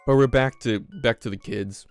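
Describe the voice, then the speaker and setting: A young man recaps an episode in a loose, joking ramble and often restarts his sentences. His voice sits in an ordinary middle pitch. Soft music plays in the background. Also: moderate pace, clean tone. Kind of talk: casual comedic recap.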